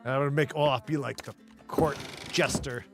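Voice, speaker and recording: A man's voice: medium pitch, steady tone, moderate pace, soft background music. A man streaming a game, rambling in casual chatter, swearing and laughing often.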